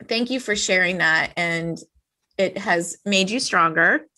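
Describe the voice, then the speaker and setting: A woman's voice: lowish voice, unhurried, pushed and bright. A woman hosting a podcast, chatting in an effusive and empathetic way. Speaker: podcast host. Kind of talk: casual podcast conversation.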